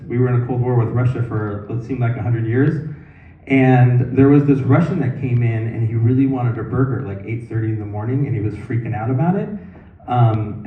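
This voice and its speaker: Captured distantly on what sounds like a tinny phone in a roomy comedy club, a man in his fifties works an open-mic set. He rambles as a stand-up comic, restarting often and leaning on fillers. His pitch is medium, and there's a little hiss or hum.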